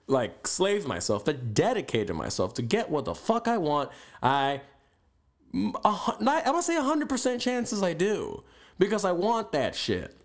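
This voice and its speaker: Lively, profane man ranting on a podcast. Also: sits high, normal speed. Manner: profane, blunt, animated ranting. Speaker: podcast host. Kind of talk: motivational rant.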